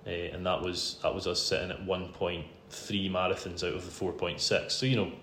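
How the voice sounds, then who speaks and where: A Scottish man tells a long personal story in a casual podcast chat. He is self-deprecating, laughs a lot, and sits a bit low in pitch. His voice rings in a roomy space over a faint hum. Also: little pitch movement, brisk, a bit bright. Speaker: podcast host interviewed as guest. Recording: roomy room sound with faint background hum.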